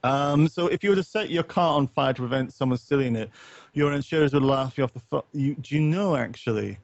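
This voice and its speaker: A man's voice: mid-range voice, fairly quick, vocal fry, no echo. Rambling man on a dull dry mic. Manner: rambling, many fillers and restarts, casual swearing. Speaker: co-host of a gaming talk stream. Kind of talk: late-night casual chat.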